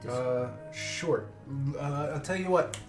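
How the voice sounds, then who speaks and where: A man's voice: a little high, takes it slowly, distant mic. Casual man running a tabletop game. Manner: casual, profane narration. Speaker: game master. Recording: roomy echo with faint music.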